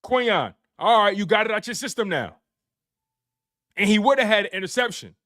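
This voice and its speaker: High-pitched, bright and forceful, his animated voice moves fairly quickly. Hosting an excited sports recap live-stream with super chats, he's hyped, talks directly to his chat, and repeats phrases for emphasis.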